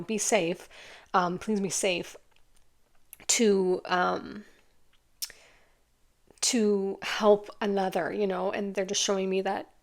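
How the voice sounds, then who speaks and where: A woman with a slightly gravelly voice talks through a tarot reading in a loose, earnest way. She rambles, circles back and leans on fillers, and she sounds close to tears. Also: medium pitch. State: tearful at times. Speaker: tarot reader. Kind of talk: casual spoken tarot reading.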